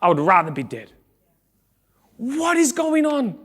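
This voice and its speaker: A male pastor preaching a sermon in a church, animated, acting out the people he quotes and rising to shouts. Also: extremely high pitch, a little slow, slightly rough. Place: church sanctuary.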